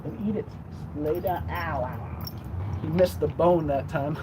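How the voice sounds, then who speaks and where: A young male streamer chats loosely and profanely, his voice sitting a bit high and jumping up into sing-song baby talk at his dog. Loud cars and street noise wash over the outdoor mic. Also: measured pace. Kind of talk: casual livestream chat. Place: outdoors by a street, later indoors.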